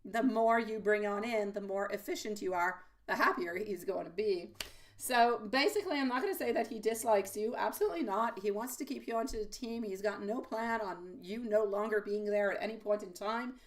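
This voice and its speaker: A woman's voice: mid-range voice, brisk, distant mic. A middle-aged woman giving a live-stream tarot reading, chatty and affectionate, calling viewers sweetie. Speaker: tarot reader. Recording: voice a little off-mic.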